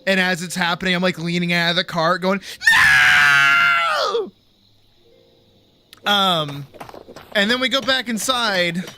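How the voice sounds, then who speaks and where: A man's voice: sits high, steady tone, brisk, few pauses, pushed and bright, shouting, a little hiss or hum. A young man streaming a game, telling a story in a rambling, laid-back way, swearing freely and saying "like" a lot. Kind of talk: casual storytelling while gaming.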